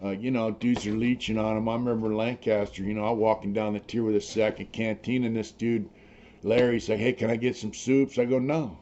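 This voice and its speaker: A man's voice: on the low side, little pitch movement, fairly quick, darkish tone, highs cut off, slight background noise. A man telling prison stories in a blunt, rambling, profane way, full of fillers. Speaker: podcast storyteller, former prisoner. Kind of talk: casual prison storytelling.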